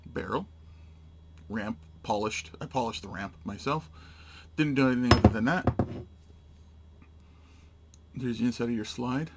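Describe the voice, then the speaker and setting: A man's voice: medium pitch, unhurried, pauses often, noisy background. A man giving a casual, hands-on product demonstration, narrating each step in short, matter-of-fact phrases. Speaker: gun reviewer.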